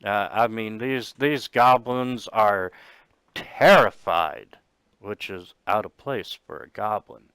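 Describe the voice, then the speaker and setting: A man narrating a tabletop game as game master, in a slow, halting way with many fillers. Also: fairly low pitch, a bit bright, smooth, no room sound.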